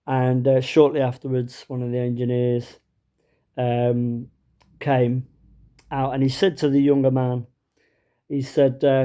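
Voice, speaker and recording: A man's voice: mid-range voice, level tone, measured pace, pauses often, dark tone. A man telling a comic anecdote in a chatty, wry way, with lots of fillers and small restarts. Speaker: storyteller. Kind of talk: comic anecdote told to camera.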